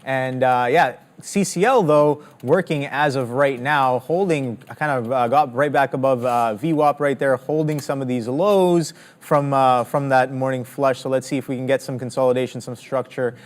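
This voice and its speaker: A man's voice: medium pitch, fairly even intonation, normal speed, hardly any pauses. A man co-hosting a live trading show, explaining his trades in a rambling way full of fillers.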